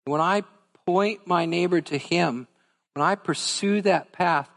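Earnest pastor preaching in a reverberant hall. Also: male voice, sits high, a little slow, a bit bright. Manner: earnest, conversational, direct to congregation. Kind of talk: sermon. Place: church sanctuary.

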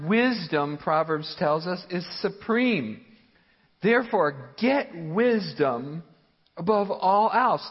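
Slow husky male preacher in a hall. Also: high voice. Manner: slow, emphatic preaching with rhetorical questions. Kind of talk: sermon. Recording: muffled sound with long hall reverb.

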